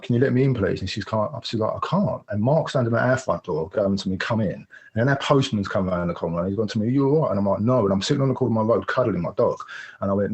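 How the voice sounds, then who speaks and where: A man recounts a hard personal episode at a quick clip, in a low and husky voice. He rambles openly and acts out the other people's lines as he goes. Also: darkish tone. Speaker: podcast guest. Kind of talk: personal storytelling.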